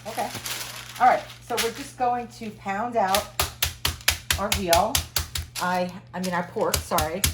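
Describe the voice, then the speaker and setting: A woman's voice: mid-range voice, fairly even intonation, unhurried, long pauses. A woman chef giving a chatty, upbeat home cooking demonstration in her kitchen. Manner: chatty and upbeat, laughs at herself. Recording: loud background noise.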